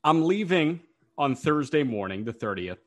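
A young man co-hosting a casual sports podcast, telling stories in an animated, ranting way. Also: a little high, normal speed. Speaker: podcast co-host.

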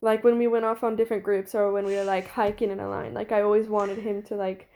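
A woman's voice: medium pitch, level tone, quick pace, a little mellow. A woman in her twenties, a podcast guest telling a personal story in a chatty way, peppering it with "like" and bursts of laughter. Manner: chatty, frequent "like" fillers and laughter. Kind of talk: casual storytelling.

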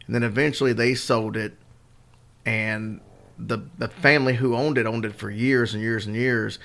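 A man's voice: fairly low pitch, gravelly, a bit bright. A man co-hosting a podcast, telling stories and teasing dryly in casual chat. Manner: dry, teasing storyteller. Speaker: podcast co-host.

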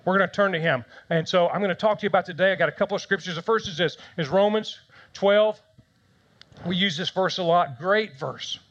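A man's voice: sits high, brisk, fairly bright tone, highs cut off. A man preaching a conversational sermon, telling stories with self-deprecating humor. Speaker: pastor.

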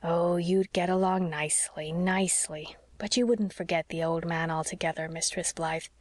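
A frail old sea captain, gentle and wistful, talking softly and slowly to a friend, as a woman reads him in a storybook. The voice sits low and is recorded close and dry, with no room sound. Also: steady tone, no room sound, lightly acted. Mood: tender.

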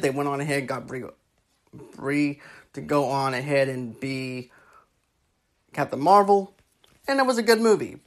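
A woman giving casual, rambling movie commentary, often repeating herself and stacking filler phrases. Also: low voice. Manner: rambling, repeats "actually" and "go on ahead".

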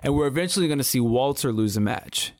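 A man co-hosting a wrestling podcast, chatting casually with animated, slangy talk and frequent stammered restarts. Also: medium pitch, fast talker, no room sound, clean studio sound. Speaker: podcast co-host.

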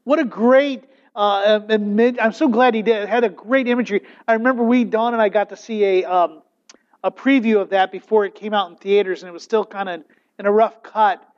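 Animated high-voiced preacher, dull recording. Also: male voice, a little fast. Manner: animated, with frequent restarts. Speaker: pastor. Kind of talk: sermon. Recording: dull, lo-fi sound.

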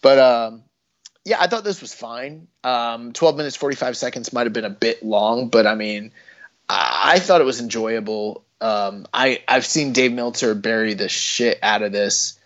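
A man co-hosting a podcast, talking in a loose, rambling way with jokes and casual swearing. His voice sits at an ordinary pitch. The recording is dull and lo-fi. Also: normal speed, a bit bright. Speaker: podcast co-host. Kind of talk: casual wrestling chat.

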